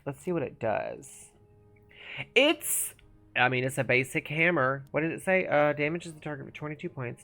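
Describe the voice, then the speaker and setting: A gaming streamer chatters casually through a play session, thinking out loud and sometimes mumbling. The pitch moves around a lot, bouncing up and down. Faint game music plays underneath. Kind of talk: casual live-stream commentary.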